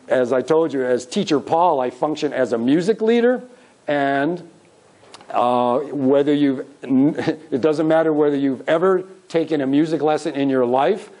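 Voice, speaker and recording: A middle-aged man with a slightly high, dark voice teaches a music workshop at an unhurried pace, leading a conference room audience in upbeat sung call-and-response. He accompanies them on guitar, and the audio is poor.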